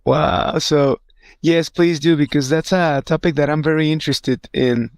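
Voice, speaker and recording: A man's voice: a little high, steady tone, unhurried, no echo, studio quality. A man hosting a casual talk show, asking his guests questions and reacting briefly. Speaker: host. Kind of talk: casual chat.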